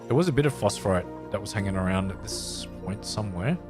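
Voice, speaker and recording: A man's voice: on the low side, expressive, fast, over music. A man casually live-streaming a game, thinking aloud as he builds and chatting playfully with his viewers.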